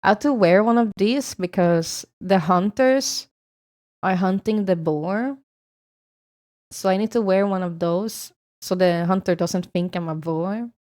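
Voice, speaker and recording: A woman's voice: mid-range voice, unhurried, darkish tone. A young woman from Sweden with a Swedish accent, chatting casually with her stream viewers, swearing freely and laughing often.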